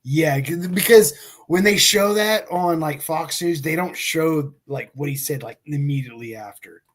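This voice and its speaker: A man's voice: on the high side, normal speed, a bit bright. A man co-hosting a comedy podcast, talking in crude, rambling casual banter and often repeating himself. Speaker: podcast co-host.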